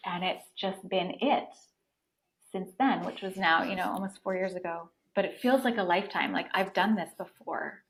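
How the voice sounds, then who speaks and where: A woman in her thirties telling her own story as a podcast guest, in an animated, casual way, with many "like" fillers. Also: on the low side, normal speed, low-quality recording. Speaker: podcast guest, breathwork facilitator.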